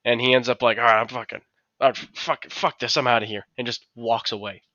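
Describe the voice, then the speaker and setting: A man's voice: medium pitch, fairly quick, no room sound, lo-fi sound. A man on a podcast, telling a story casually and acting out what his coworkers said. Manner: animated, acts out quotes of coworkers. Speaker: podcast co-host.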